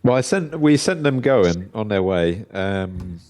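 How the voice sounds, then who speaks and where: Slow, lively-voiced man playing a tabletop game. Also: fairly low pitch. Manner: slow, halting, with frequent laughs. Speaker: player. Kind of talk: tabletop role-play, asking questions in character.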